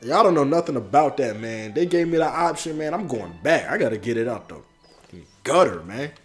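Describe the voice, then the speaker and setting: Young guy streaming a game at home, talks to chat all slangy, voice jumps all over, some quiet music behind. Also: medium pitch, expressive, a little fast. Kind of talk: casual live-stream commentary. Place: indoors at home. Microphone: headphones on, streaming setup.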